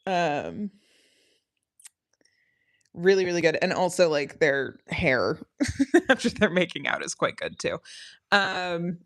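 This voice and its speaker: A woman's voice: on the low side, sing-song, takes it slowly, pauses often. A woman chatting casually on a live study stream, rambling with frequent ums and laughing often. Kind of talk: casual livestream chat.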